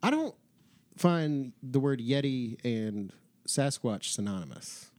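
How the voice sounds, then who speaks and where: A man's voice: medium pitch, animated, takes it slowly, a little mellow, no echo. A man co-hosting a podcast, chatting casually about a movie in a playful, teasing way and laughing often. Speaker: podcast co-host. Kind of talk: casual movie review chat.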